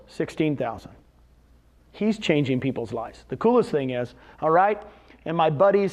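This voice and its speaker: An energetic middle-aged man giving a motivational business talk, firing questions at the audience and answering them himself. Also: fairly high pitch. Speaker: real estate brokerage executive speaking at a company event.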